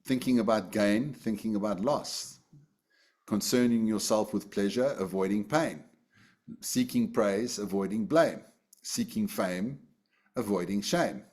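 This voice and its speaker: Man teaching a relaxed dharma class. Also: fairly low pitch, measured pace. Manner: relaxed, conversational, with many fillers and restarts. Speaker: Buddhist teacher. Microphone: video call.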